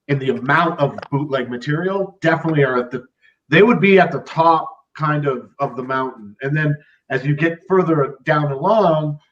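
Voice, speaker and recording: A man co-hosting a podcast talks casually in long, rambling stretches full of fillers. His voice sits a little high. He sounds set back from the microphone, with a dull, muffled tone. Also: recorded from a distance. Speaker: podcast co-host. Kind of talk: casual chat.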